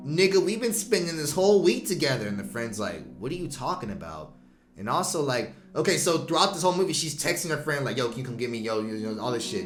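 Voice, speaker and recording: A man casually recapping a horror movie, animated and slangy, acting out the characters' lines and laughing often. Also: mid-range voice, echoey room. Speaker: movie reviewer.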